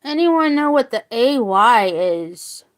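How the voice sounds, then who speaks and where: A woman gives a slow, careful phonics lesson, saying each word twice as she sounds it out. Her voice sits fairly high and she never hurries. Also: sing-song. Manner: slow, deliberate, repeats words to sound them out. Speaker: teacher.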